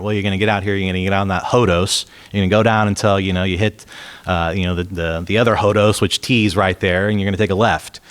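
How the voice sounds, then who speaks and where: A man's voice: deep voice, steady tone, quick pace, clear, resonant tone. Man preaching a casual, conversational sermon. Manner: conversational, asks the congregation rhetorical questions; reads scripture aloud with added emphasis. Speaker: pastor.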